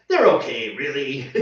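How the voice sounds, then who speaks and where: A man's voice: medium pitch, fairly bright tone. A man co-hosting a home brewing show, chatting casually and rambling with jokes. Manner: rambling, joking, sings a line playfully. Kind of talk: casual chat. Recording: echoey room, dull lo-fi sound from a distance.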